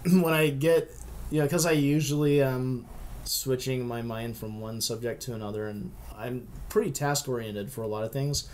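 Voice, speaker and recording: A man's voice: medium pitch, normal speed, a little mellow, slight background noise. A man co-hosting a podcast in casual chat, thoughtfully explaining ideas at length. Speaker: podcast co-host.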